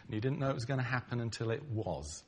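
A man's voice: mid-range voice, lively intonation, fast talker, background noise. A middle-aged man, preaching a conversational sermon to his congregation, bantering with them and acting out quoted lines. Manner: acts out quoted lines dramatically. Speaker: pastor.

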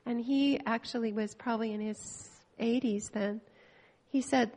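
An older woman from Canada giving a heartfelt, emotional church testimony, pausing and restarting as she speaks. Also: a little high, fairly even intonation, darkish tone.

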